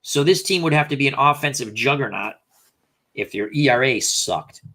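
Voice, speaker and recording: A man's voice: mid-range voice, expressive, normal speed, pushed and bright. A man hosting a casual live stream, thinking aloud and reading out viewer comments. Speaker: host.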